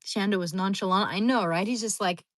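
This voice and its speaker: A woman's voice: mid-range voice, brisk, dry recording. A woman chatting casually to her live stream audience from home, rambling along with many restarts. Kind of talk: casual livestream chat.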